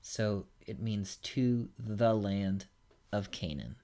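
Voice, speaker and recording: A man's voice: fairly low pitch, lively intonation, slow pace, warm tone. A man teaching a recorded language lesson, patiently walking through examples one at a time. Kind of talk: recorded lecture.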